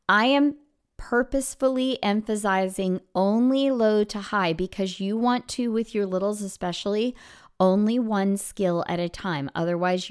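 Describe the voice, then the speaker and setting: A woman music teacher hosting an instructional podcast, explaining classroom activities step by step and swooping her voice high and low to demonstrate. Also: clean tone.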